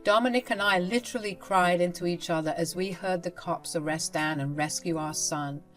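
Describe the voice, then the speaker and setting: A woman narrating a personal story in a plain, steady way. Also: lowish voice, normal speed, soft background music.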